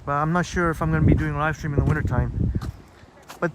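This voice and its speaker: A man's voice: on the high side, steady tone, fast talker. A Canadian man live-streaming on his phone while walking park trails, chatting casually and reading out viewer comments with many fillers. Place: outdoor nature trails in a park. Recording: outdoor noise behind voice.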